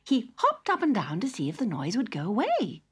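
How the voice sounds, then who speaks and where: A woman narrating a children's story in a gentle, expressive read-aloud manner. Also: on the high side, a little fast, breathy edge.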